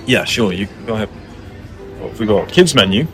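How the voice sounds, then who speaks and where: A man's voice: fairly low pitch, lively intonation, a little fast, vocal fry, fairly bright tone, soft background music. A young man talking casually to camera in a cafe, brash and joking, swearing freely. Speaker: vlogger. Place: cafe by the water.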